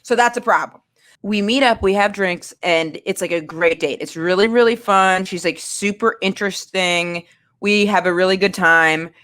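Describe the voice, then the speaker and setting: A woman's voice: medium pitch, moderate pace, fairly bright tone. A woman guest telling a candid, self-mocking dating story in a rambling way, full of filler words. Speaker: guest comedian.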